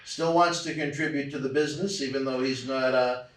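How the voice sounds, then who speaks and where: A man's voice: mid-range voice, steady tone, a little fast. A man hosting an interview, asking questions and chiming in with friendly comments. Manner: conversational, affirming. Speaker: interview host. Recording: roomy sound from a distant mic.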